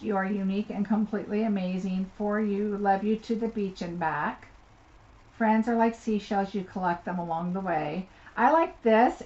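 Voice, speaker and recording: A woman's voice: medium pitch, darkish tone. A woman giving a live card-making tutorial, chatting and thinking aloud as she works at her desk. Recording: slightly dull audio with faint noise.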